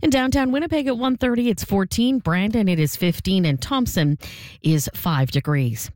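A woman reading a radio news update in a steady, measured newsreader manner. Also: mid-range voice, no echo. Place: radio studio.

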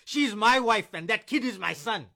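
An actor playing a drunk, abusive ex-husband who is a bullying cop, slurring and taunting. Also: male voice, high-pitched, lively intonation, moderate pace, creaky, bright, forceful tone, heavily acted.

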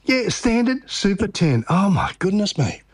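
An Australian man hosting a radio show on location, gushing with excitement and piling up exclamations. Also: sits high, normal speed, husky, no echo. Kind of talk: enthusiastic on-location interview.

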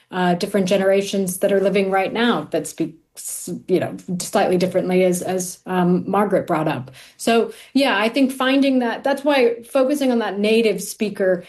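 A woman working as a dialect coach, answering interview questions clearly and with assurance. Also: medium pitch, a little mellow.

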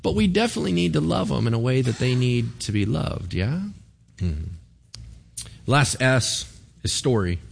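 A man's voice: mid-range voice, normal speed, creaky, pauses often. A middle-aged man preaching a sermon in a casual, conversational way, acting out short exchanges between people. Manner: conversational, animated, acts out little dialogues. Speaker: pastor.

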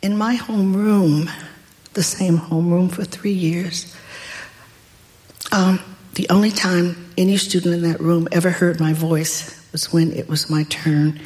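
Older woman, low voice, slow wry storytelling, big reverby hall. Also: level tone, darkish tone. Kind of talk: personal storytelling.

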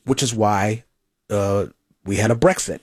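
Man, husky, indignant, emphatic, casual political chat, dry close sound. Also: lowish voice, measured pace, dry recording.

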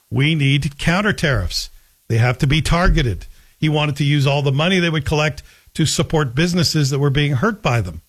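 A man hosting a talk show, delivering a blunt, sarcastic, animated opinion monologue. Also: a little high. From Canada. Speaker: radio talk show host.

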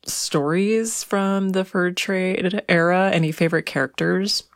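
A woman's voice: on the low side, fairly even intonation, unhurried, gravelly, dry recording, clean studio sound. A woman interviewing a guest, asking curious and encouraging questions.

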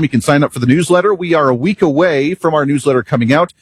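A man's voice: on the high side, fast talker, few pauses, music in the background. A man hosting a political talk radio show from a studio, delivering an opinionated monologue full of rhetorical questions.

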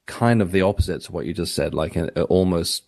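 A man's voice: low-pitched, brisk, gravelly, a little mellow. A man, an author guest on a radio show, talking in a rambling, reflective way with many restarts. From England. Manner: rambling, self-correcting, reflective. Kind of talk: radio interview.

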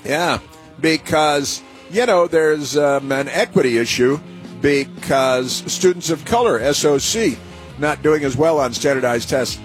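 A man's voice: on the high side, lively intonation, measured pace, soft background music. A man hosting a radio talk show, sarcastic and rambling, with many fillers and restarts.

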